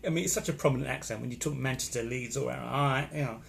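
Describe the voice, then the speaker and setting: Talking fast in a gravelly, medium-pitched voice, a man from England rambles casually on a live stream from his hotel room. He reads live comments and reacts to viewers, with slight background noise audible.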